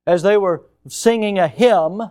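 Impassioned male pastor, higher voice. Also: unhurried. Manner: emphatic preaching, big swings in loudness, mocking high voices. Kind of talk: sermon.

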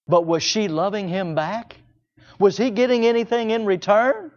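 A man's voice: sits high, moderate pace, muffled recording. A man preaching a sermon, asking the congregation rhetorical questions and voicing imagined objectors.

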